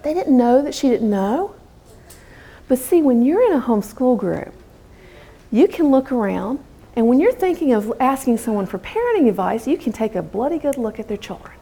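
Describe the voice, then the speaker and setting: A woman's voice: fairly high pitch, normal speed. A middle-aged woman from the United States, speaking to a live audience about homeschooling and acting out quotes as she tells stories. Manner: lively storytelling, acting out quotes.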